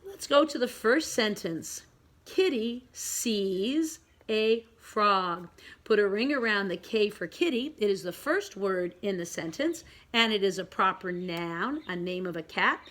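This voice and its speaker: A woman teaching a pre-K reading lesson, giving gentle step-by-step instructions and reading each sentence aloud slowly and with exaggeration. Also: medium pitch, lively intonation. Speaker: preschool teacher.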